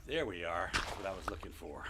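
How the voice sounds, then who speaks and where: A middle-aged man streaming a building game live while walking on a treadmill, out of breath, muttering counts to himself between loud chatty asides to his viewers. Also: low voice, lively intonation, quick pace, heavy background noise. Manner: mutters block counts under his breath, then chats loudly to viewers. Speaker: gaming streamer.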